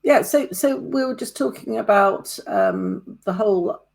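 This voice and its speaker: Gravelly, husky woman podcast host. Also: medium pitch, huge pitch swings, a little slow, a little mellow. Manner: rambling, hesitant, many restarts. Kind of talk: casual interview chat.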